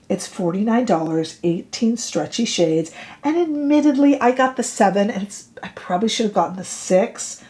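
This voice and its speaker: A woman's voice: mid-range voice, animated, normal speed, dark tone. A woman casually reviewing makeup products in a vlog, chatty and opinionated with playfully dramatic asides. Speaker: beauty reviewer.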